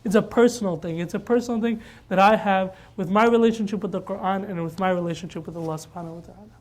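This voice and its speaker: A man's voice: high-pitched, fast, a little mellow. A man delivers an informal religious talk at a mosque. He keeps it conversational and repeats his phrases for emphasis.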